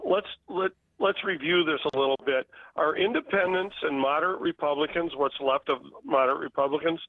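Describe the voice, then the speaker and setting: A man's voice: fairly high pitch, no echo. A man calling in to a talk radio show, sarcastic and indignant. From Madison, Wisconsin. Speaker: caller. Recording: dull phone-in line.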